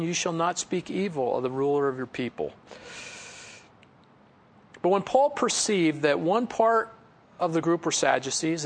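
Gravelly-voiced pastor teaching scripture casually. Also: male voice, on the high side, fairly bright tone. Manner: conversational, reads scripture then explains it with chuckles and asides. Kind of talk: verse-by-verse Bible teaching.

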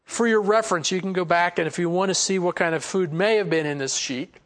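A man preaching a Bible lesson in a relaxed, conversational way, acting out quoted lines and chuckling as he goes. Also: high-pitched, fast. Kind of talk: sermon.

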